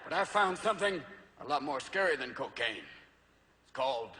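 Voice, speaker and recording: A man doing a profane, rambling stand-up comedy set with a hoarse, worn-out voice, slipping into silly voices. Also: mid-range voice, animated, normal speed. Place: live comedy club stage. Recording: echoey live club recording, loud crowd and noise. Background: loud audience laughter.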